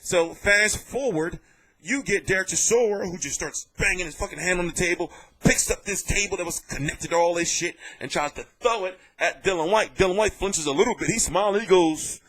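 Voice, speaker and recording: A man with a high voice and slightly quick delivery comments on boxing for a casual vlog. His take is lively, jokey, and profane.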